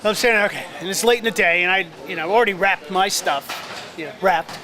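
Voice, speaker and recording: A man telling an animated story about his first film role in a casual interview, acting out the other people's lines. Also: high voice, fast talker. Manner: animated storyteller, acts out quotes, many restarts. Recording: crowd noise outdoors.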